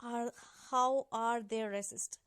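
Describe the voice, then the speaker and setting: Woman, young adult, higher-pitched, dry close sound, earnest, halting anecdote. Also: fairly even intonation, fairly bright tone, clean tone, dry recording. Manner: earnest, halting retelling with many restarts. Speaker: migrant sharing a personal story. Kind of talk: personal anecdote.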